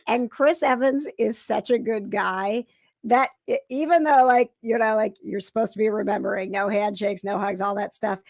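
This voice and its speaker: A woman's voice: medium pitch, fairly even intonation, moderate pace, creaky, darkish tone, no room sound, clean studio sound. A woman hosting a talk show, chatting casually and laughing often as she retells a story. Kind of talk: casual chat.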